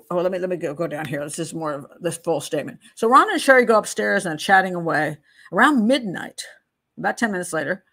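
Her voice sits at medium pitch, fairly bright and slightly rough. This middle-aged true crime host chats her way through a case file, reads statements aloud, drifts off on tangents, and laughs at her own side comments.

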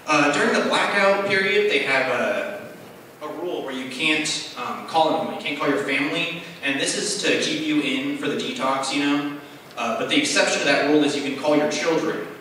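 A man doing conversational stand-up storytelling with quick asides at an open mic in a bar. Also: a little high, pushed and bright, slight background noise. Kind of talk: stand-up comedy. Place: bar stage. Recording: echoey bar from a distance.

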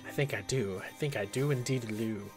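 A man giving casual let's-play commentary, excitable and jokey, yelping and shouting at the game. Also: mid-range voice, normal speed, faint music behind.

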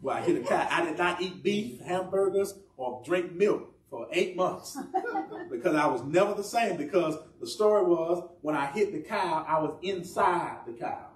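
A man's voice: a little high, animated, normal speed, reverberant, far from the mic. A man preaching a sermon in a conversational, humorous way, asking the congregation questions. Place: church.

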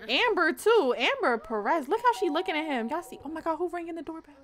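Woman, twenties, high voice, excitable, slangy, swears a lot, casual gameplay commentary. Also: fast. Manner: playful, excitable, slangy and profane. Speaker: gaming channel host. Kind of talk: casual let's-play commentary.

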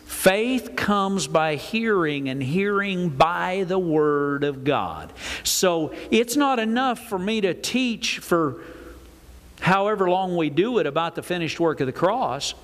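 Older male pastor, folksy sermon delivery, slightly high voice, reverberant church hall. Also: takes it slowly. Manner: folksy, animated preaching with acted-out asides. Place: church sanctuary.

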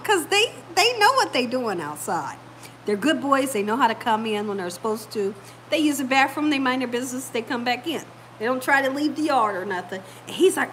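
A woman's voice: high-pitched, very animated, fairly quick, fairly bright tone, a little hiss or hum, rough recording. A woman, hosting a home cooking video in her kitchen and chatting to viewers like a storyteller. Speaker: cooking channel host. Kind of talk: casual home cooking chat.

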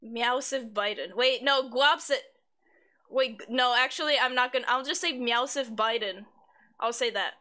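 A woman's voice: sits high, steady tone, moderate pace, bright, forceful tone. A woman live streamer in casual chat, reading her chat aloud, swearing freely and giggling often. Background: faint background music.

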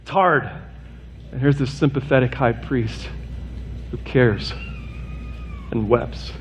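A man preaching a sermon as pastor to his congregation, earnest and direct, mixing plain humor with a rising, urgent appeal. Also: slight background noise. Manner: earnest, rises in pitch and intensity toward an urgent appeal. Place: church sanctuary.

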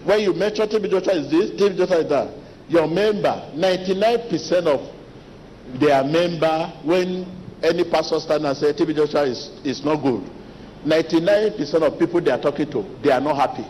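A man preaching a sermon as pastor, talking to the congregation directly, animated and repetitive. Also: a little high, fairly quick, slight background noise. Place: large church hall. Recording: long church reverb with faint ambience.

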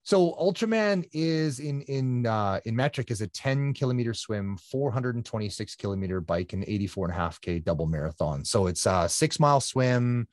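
A middle-aged man from Canada, a guest telling his story in a casual, animated way and acting out quotes. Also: medium pitch, moderate pace, few pauses, no echo, studio quality. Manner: animated, conversational, acts out quotes.

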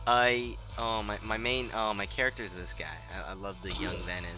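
A young man giving casual, profane commentary while playing a game. He sounds tired and sleep-deprived, and his mumbling breaks into sudden loud outbursts. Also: lowish voice, a little fast. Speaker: gameplay commentator. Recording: game music playing underneath.

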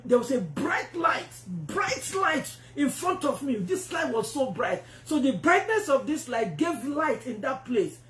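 A woman preacher telling a testimony in a sermon, animated and acting out the voices she quotes. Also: high-pitched. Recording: roomy echo.

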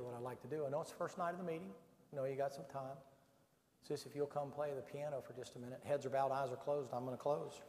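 A man's voice: medium pitch, steady tone, fast talker. A man preaching at a camp meeting, pleading and urging his listeners in an altar call. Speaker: pastor. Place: large revival meeting hall. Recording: echoey hall with piano behind. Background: piano playing softly.

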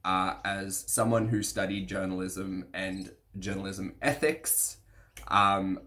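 A man hosting a reaction vlog, talking to camera in a measured, hesitant way, his voice slightly croaky and congested. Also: sits low, pushed and bright, a little hiss or hum. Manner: measured, hesitant with many fillers. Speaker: reaction channel host. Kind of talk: casual commentary to camera.

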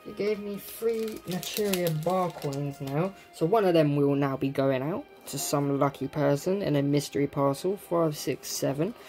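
A man's voice: a little high, normal speed, hardly any pauses, darkish tone, faint music behind. A young man, casually opening card packs, reading out card names and swearing freely. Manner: laid-back, swears a lot, reads card names aloud. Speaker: card pack opening host. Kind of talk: casual pack-opening chat.

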